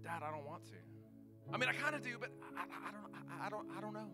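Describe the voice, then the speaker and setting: A man's voice: high-pitched, expressive, quick pace, over music, voice pushed up. A man doing a nervous little boy. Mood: hesitant. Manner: hesitant, stammering. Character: young boy, nervous little daredevil son.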